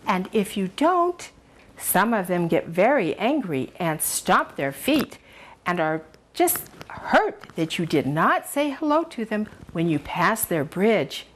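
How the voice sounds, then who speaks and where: An older woman leads a storytelling and cooking demonstration for children and talks to them like a doting grandmother. She takes her time over each phrase, and her voice swoops high and low in a lively sing-song. A faint hiss of noise sits under the voice. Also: slow pace. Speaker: children's show host.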